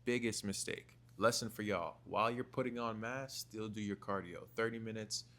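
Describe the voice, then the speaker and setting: A man's voice: fairly low pitch, normal speed. A young man telling a casual, slangy story about his fitness journey to camera, repeating phrases for rhythm. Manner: slangy, repetitive, animated storytelling. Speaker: fitness vlogger.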